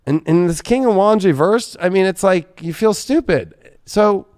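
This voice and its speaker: A man's voice: high-pitched, expressive, normal speed, darkish tone. A man giving a live tarot reading from a studio, blunt and rambling, swearing often. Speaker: tarot reader.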